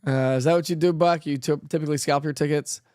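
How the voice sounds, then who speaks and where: The host of a live weather stream, a middle-aged man, answers viewer chat in a chatty manner, reading comments aloud and laughing and filling pauses often. His slightly high voice is quick, fairly even, a little mellow, clear and resonant, in a dry, clean studio recording.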